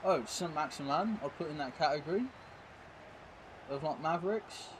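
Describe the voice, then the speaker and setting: A man's voice: fairly high pitch, moderate pace, background noise. Chatty man streaming a game. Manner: rambling, chatty, full of tag questions. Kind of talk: casual chat while live-streaming a football video game.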